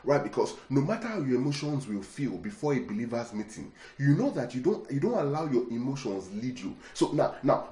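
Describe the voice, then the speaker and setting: Man, preacher, sermon, mellow tone, rhetorical questions, roomy echo. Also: medium pitch. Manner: keeps asking the congregation rhetorical questions; repeats words for emphasis. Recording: echoey room.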